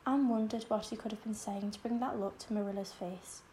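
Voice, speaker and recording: A woman reading a classic novel aloud as an audiobook narrator, in calm, measured storytelling. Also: medium pitch, slight background noise, rough recording.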